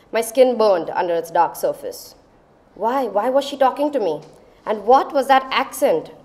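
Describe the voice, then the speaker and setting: A woman, telling a personal story on stage in a dramatic, measured way. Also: mid-range voice, darkish tone. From India. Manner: dramatic, measured, lingering on phrases. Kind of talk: live storytelling performance.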